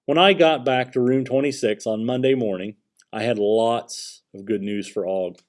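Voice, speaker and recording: A man narrating a children's storybook aloud, reading in a gentle, expressive way. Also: mid-range voice, moderate pace. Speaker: audiobook narrator.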